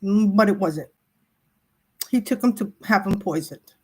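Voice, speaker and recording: A woman hosting her spiritual tarot vlog, talking in a halting, tearful and apologetic way as she cries. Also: mid-range voice, breathy edge. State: crying. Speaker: tarot reader.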